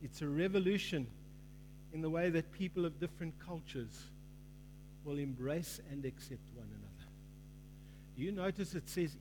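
High-voiced man preaching in a reverberant hall. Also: normal speed, pauses often, darkish tone. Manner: preaching with rising fervor, acts out quoted voices in a parable. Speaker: pastor. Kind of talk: sermon. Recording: long hall reverb, faint mains hum.

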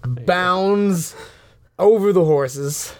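A man's voice: high voice, slight background noise. A man narrating as game master of a tabletop game, casual and a bit profane. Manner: slow, animated narration with casual swearing.

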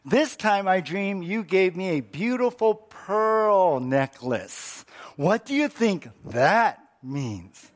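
A man's voice: big pitch swings, full character voice. A man putting on an eager, wheedling wife. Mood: coaxing. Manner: high, drawn-out, wheedling. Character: excited wife fishing for a gift.

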